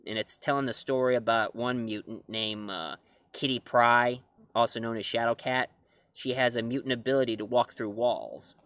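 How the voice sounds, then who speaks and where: A man's voice: medium pitch, fairly even intonation, normal speed, a bit bright, no echo. A man reviewing comics and films in a casual talk to camera, rambling and correcting himself as he goes. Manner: rambling, self-correcting, chuckling.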